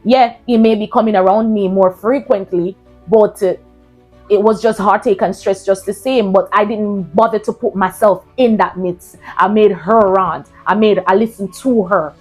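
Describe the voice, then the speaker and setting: A woman telling a personal story to her viewers in a casual, animated way, often calling them "guys". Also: mid-range voice, normal speed, faint music behind, poor audio.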